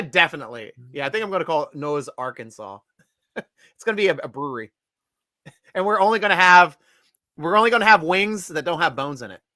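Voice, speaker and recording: A man's voice: fairly high pitch, expressive, fairly quick, pushed and bright, no echo, studio quality. A man hosting a casual podcast chat, joking and laughing often, hyping up guests. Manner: jokey, laughs a lot, announcer-style guest intros. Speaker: podcast host.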